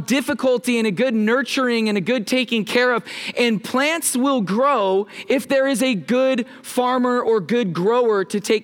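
A man in his thirties preaching a sermon in a church, casual and joking, talking back and forth with his congregation. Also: very high voice. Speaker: pastor. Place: church sanctuary.

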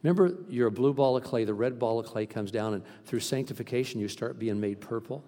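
A man preaching a sermon as pastor, animated and acting out the voices he quotes. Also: mid-range voice, brisk. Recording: long reverb from a hall.

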